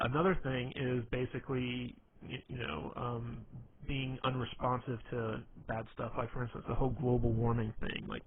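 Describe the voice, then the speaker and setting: A man's voice: medium pitch, vocal fry. A young man giving casual dating advice in a rambling monologue, full of "you know" fillers and stammered restarts. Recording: tinny phone-like audio, faint noise.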